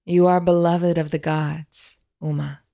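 Lady doing a calm wise snake-headed spirit guy, low and gravelly, slow and quiet in a storybook.

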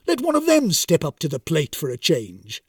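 A man's voice: on the high side, wildly swooping pitch, normal speed, slightly rough, no echo, studio quality, recorded from a distance, full character voice. A man voicing a put-upon male Grim Reaper spirit who complains in an indignant, plaintive way. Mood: despairing.

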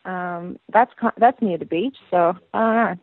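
A woman's voice: lowish voice, normal speed. Woman with an Australian accent on a phone line. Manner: relaxed and rambling, many fillers and restarts. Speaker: band singer, guest. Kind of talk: casual interview chat.

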